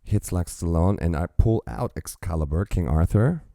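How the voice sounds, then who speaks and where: A man's voice: sits low, lively intonation, normal speed, mellow, a little hiss or hum. A man hosting a reaction video, swearing freely as he stops the music to quote lyrics and comment on them.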